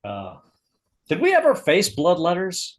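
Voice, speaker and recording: A man's voice: high voice, huge pitch swings, measured pace. A man playing in an online tabletop game, chatting playfully and laughing often. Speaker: player. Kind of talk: casual chat in an online game.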